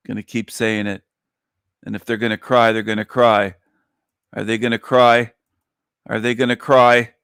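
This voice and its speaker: A man hosting a livestream show, speaking at a middle pitch. His delivery is repetitive, taunting and sing-song. The sound is dry and close to the mic, with no room echo. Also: a bit bright, smooth. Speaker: online show host. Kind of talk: mocking livestream monologue.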